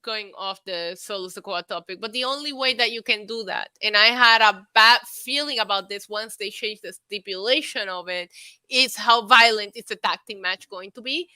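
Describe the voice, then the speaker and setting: A woman's voice: mid-range voice, normal speed, pushed and bright, clear, resonant tone, no echo. A woman co-hosting a podcast in casual chat, talkative and analytical. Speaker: podcast co-host.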